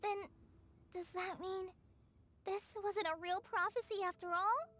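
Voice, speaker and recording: An actress voicing a tiny, chirpy, nosy female companion creature, squeaky and excitable, from a game with loud music behind. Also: measured pace. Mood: puzzled. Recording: game audio heard from a distance, loud music.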